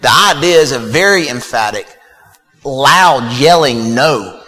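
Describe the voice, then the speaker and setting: A man's voice: mid-range voice, expressive, takes it slowly, bright, forceful tone. A man preaching a sermon in a casual, conversational way, with fillers and repeated words. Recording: long reverb of a hall.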